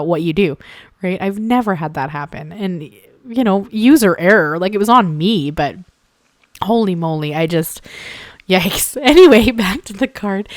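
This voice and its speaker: A young woman hosting a card-making tutorial in a rambling, chatty voice-over, a little hoarse from a cold and often clearing her throat. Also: fairly low pitch, no room sound. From Canada.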